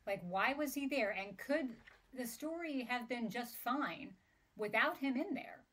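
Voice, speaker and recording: A woman co-hosting a book podcast, with a voice a little higher than most. She chats casually and reacts expressively, jumping up in pitch as she exclaims and often laughing. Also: expressive, measured pace, fairly bright tone. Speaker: podcast co-host.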